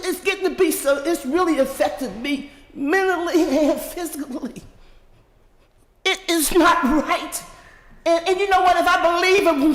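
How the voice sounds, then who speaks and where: A woman's voice: sits high, a little hiss or hum. Indignant woman confronting a council. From Pittsburgh, USA. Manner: angry, indignant, confronting council members directly. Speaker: public commenter at a city council meeting. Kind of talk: impassioned public comment. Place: large council chamber. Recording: echoey hall with long reverb.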